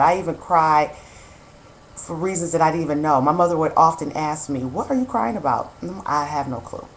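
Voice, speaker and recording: Earnest low-voiced woman. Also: slight background noise, low-quality recording. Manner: earnest, confessional, encouraging. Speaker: host of a self-help video series. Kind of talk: personal reflective talk to camera.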